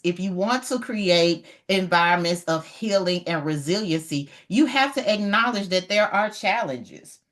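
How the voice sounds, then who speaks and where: A middle-aged woman giving an animated, emphatic motivational talk on leadership, repeating her key points. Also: medium pitch. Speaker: leadership educator.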